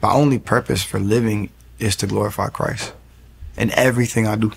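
Earnest gravelly-voiced man telling his story. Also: on the low side, steady tone. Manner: earnest, rapid storytelling with restarts. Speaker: guest giving a faith testimony. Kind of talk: personal testimony storytelling.

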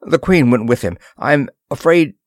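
A man's voice: medium pitch, lively intonation, moderate pace, no echo, lightly acted. A man voicing a brave, earnest young princess in an audiobook reading, speaking with urgent pleading.

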